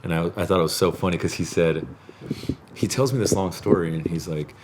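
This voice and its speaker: A man hosting a podcast in a studio, telling animated stories in casual chat and laughing often. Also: low voice, fast talker, very noisy. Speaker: podcast host.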